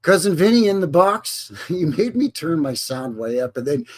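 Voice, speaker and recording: A fairly high, sing-song voice at a moderate pace belongs to this Alberta man with a Canadian accent. He hosts a chatty live stream, meandering in a folksy way and naming viewers as he greets them.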